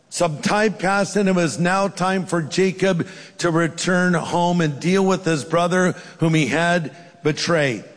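A pastor delivers a sermon, his voice a touch higher than most men's. He tells the story with relish and slips into the characters' voices. A long reverb trails his words, as in a large hall.

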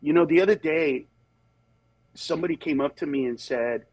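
A comedian appearing as a talk show guest tells stories in a casual, conversational way, his voice a little high. He's animated and quick to slip into acted impressions of other people, then turns earnest and steady on serious points. The recording is low quality, with no echo.

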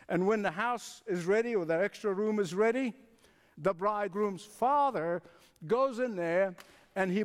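A man's voice: high voice, big-room sound. A man preaching a sermon with emphatic repetition, chuckling, and inviting the congregation to respond. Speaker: pastor.

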